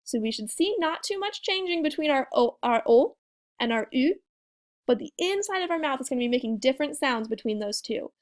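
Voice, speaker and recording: A young woman teaching a French pronunciation lesson, encouraging and demonstrating sounds slowly with repetition. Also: high-pitched, animated. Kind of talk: video language lesson.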